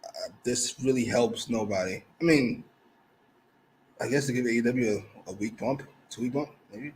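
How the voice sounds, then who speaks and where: A man's voice: medium pitch, moderate pace, darkish tone, a little hiss or hum, rough recording. A man co-hosting a casual wrestling review podcast, talking bluntly, profanely and mockingly. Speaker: podcast co-host.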